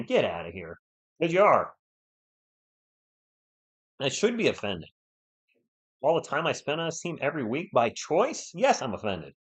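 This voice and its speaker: A man from New England hosting a live sports stream, giving play-by-play and answering viewers in an excitable, fired-up way. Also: on the high side, measured pace, pauses often, husky, lo-fi sound. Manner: excitable, fired-up, talks straight to chat viewers. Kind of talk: live play-by-play commentary and chat replies.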